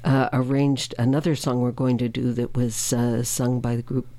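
Brief: relaxed co-host, warm dark tone, halting recollections. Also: mid-range voice, no echo. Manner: hesitant, searching for details. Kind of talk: casual on-air chat.

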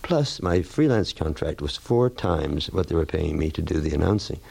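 A man's voice: very deep voice, moderate pace, creaky, husky, dry recording. An older man, a veteran radio broadcaster, telling wry anecdotes and acting out the people he quotes. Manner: wry, animated when quoting others. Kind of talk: anecdotal storytelling.

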